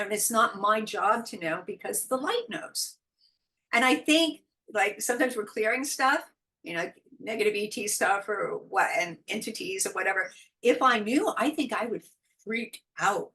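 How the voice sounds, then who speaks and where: A middle-aged woman from the United States, a guest telling spiritual stories in casual interview chat, animated and quick to laugh. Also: medium pitch, poor audio. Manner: animated storytelling, frequent laughs, acts out quoted voices. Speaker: guest, intuitive guide.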